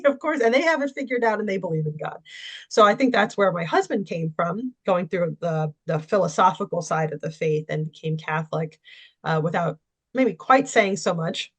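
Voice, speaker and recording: A woman guest telling her personal story in conversation, candid and anecdotal, with frequent fillers. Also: mid-range voice. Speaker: interview guest.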